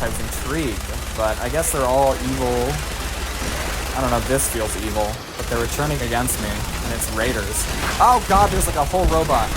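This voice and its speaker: Excitable man swearing through a game stream. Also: medium pitch, heavy background noise. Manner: excitable, swears freely, thinks aloud. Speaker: streamer playing a video game. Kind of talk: casual let's-play commentary.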